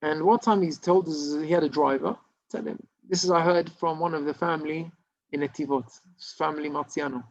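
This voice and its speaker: A man's voice: fairly high pitch, fairly even intonation, brisk. A man, a rabbi, telling a story in an informal Torah class, with many restarts and Hebrew terms. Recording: dull lo-fi recording.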